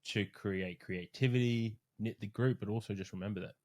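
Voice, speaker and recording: A man, a strength coach, chatting casually on a podcast and telling animated stories, swearing freely along the way. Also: fairly low pitch, moderate pace.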